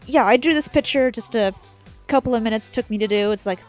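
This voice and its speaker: A young woman with a fairly high voice talks through her own fan video in a loose, rambling way. She gets exasperated easily and keeps breaking into laughter as she chats on. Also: brisk, faint music behind. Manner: chatty and rambling, often exasperated, laughs a lot. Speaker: creator of a fan-made abridged series, giving commentary. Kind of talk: casual, rambling commentary over video.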